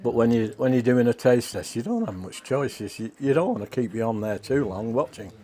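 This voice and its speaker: A chatty home-cooking vlogger, a man who talks casually through a taste test. He chews as he speaks and talks with his mouth full between bites. His voice sits at an ordinary middle pitch. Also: lively intonation, fairly quick, dark tone.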